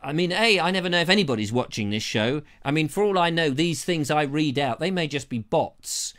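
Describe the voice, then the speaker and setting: A British man hosts a live stream, reading viewer comments into a lavalier mic in a jokey, rambling way. His voice sits fairly high and sounds a bit bright.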